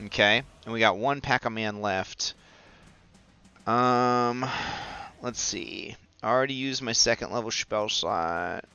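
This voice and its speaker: A man playing a tabletop game, chatty and excitable while taking his turn. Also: on the low side, takes it slowly, clear, resonant tone, dull audio, faint music behind. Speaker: player.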